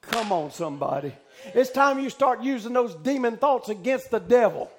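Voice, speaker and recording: A male preacher delivering a fervent sermon, shouting out loud cries and then dropping to hushed talk. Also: very high voice, expressive, normal speed.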